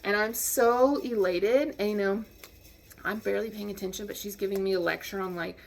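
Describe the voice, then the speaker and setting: A woman casually telling a personal anecdote in a lively, wry way, acting out the lines of the people in it. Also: mid-range voice, moderate pace, gravelly, slight background noise. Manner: lively, wry, acts out quotes. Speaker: storyteller.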